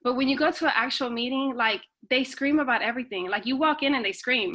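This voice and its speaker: A woman speaking as a guest in casual storytelling, animated and acting out the voices of people in her story. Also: high voice, fast talker, hardly any pauses, background noise. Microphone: video call.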